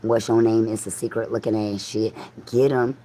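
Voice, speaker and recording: A woman's voice: extremely low pitch, steady tone, normal speed, mellow, slight background noise, poor audio. A woman livestreaming a rambling, profane monologue, jumping from one thought to the next and talking straight at her viewers. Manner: profane, free-associating, talks straight at viewers.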